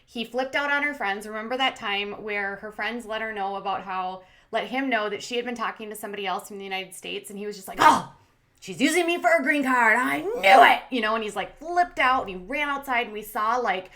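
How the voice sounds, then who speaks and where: A woman's voice: mid-range voice, a little fast, hardly any pauses, bright, forceful tone. A woman hosting a commentary channel, recapping a reality show in a chatty, sarcastic way with plenty of fillers.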